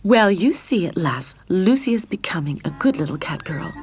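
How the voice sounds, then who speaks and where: A woman's voice: fairly low pitch, big pitch swings, moderate pace, a little mellow, slightly rough, exaggerated voice. A woman playing a prim, lecturing cat owner. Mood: pleased.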